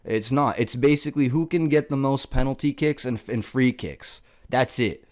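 A man's voice: medium pitch, normal speed. Profane ranting guy. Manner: profane, rambling, exasperated rant full of filler words. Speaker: comedian. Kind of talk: casual ranting monologue.

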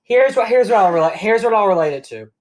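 A man's voice: high-pitched, animated, quick pace. Rambling, profane young podcast guy. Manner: rambling, profane, filler-heavy storytelling. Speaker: podcast host. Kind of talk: casual movie recap chat.

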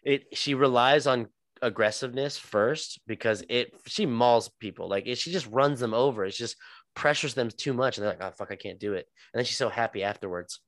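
A man's voice: medium pitch, normal speed, fairly bright tone, no echo, clean studio sound. A young man co-hosting a podcast, laid-back, announcing the next matchups and agreeing along. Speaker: podcast co-host. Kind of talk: casual fight-talk podcast chat.

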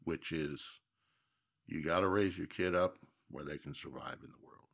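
A man's voice: extremely low pitch, moderate pace, gravelly, fairly bright tone, husky. A man from Minnesota, a guest telling stories in a casual interview, reflective and folksy with emphatic repeats.

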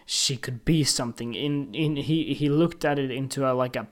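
Man in an indignant, profane rant. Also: medium pitch. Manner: indignant, emphatic and profane, with halting restarts. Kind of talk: casual opinion rant to camera.

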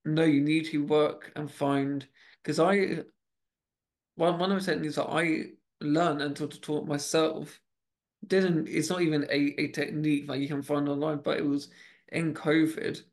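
A man's voice: a little high, little pitch movement, a little slow. A man hosting a podcast in casual chat, rambling with many restarts and fillers. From United Kingdom. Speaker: podcast host.

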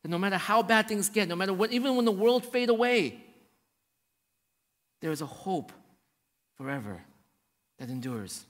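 A man preaching a sermon to his congregation, swinging between hushed and raised passages and often checking in with the room. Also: sits high, lively intonation, moderate pace, long pauses. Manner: addresses the congregation directly, checking in with "right?". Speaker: pastor. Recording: long hall reverb.

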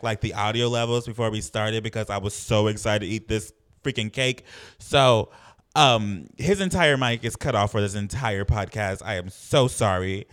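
A man hosting a casual podcast chat, animated and given to high dramatic cries. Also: smooth. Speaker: podcast host.

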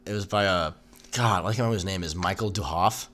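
A man's voice: deep voice, fast talker, a bit bright. A young man co-hosting a podcast, swearing freely and laughing often in casual banter. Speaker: podcast co-host.

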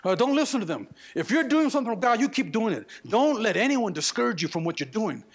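A man preaching a sermon, animated, with slangy asides and acted-out quotes. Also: high voice, fast, few pauses, slightly rough. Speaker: pastor.

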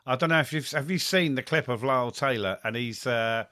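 A man, co-hosting a casual football podcast and rambling through quick, enthusiastic asides. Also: mid-range voice, bright, forceful tone, no room sound, studio quality. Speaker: podcast co-host.

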